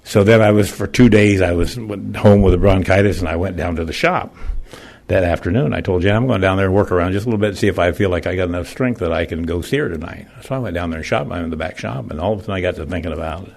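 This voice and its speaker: A man's voice: deep voice, fast talker, gravelly, a little mellow. An older man giving a plain-spoken, emotional personal testimony in church, with folksy phrasing.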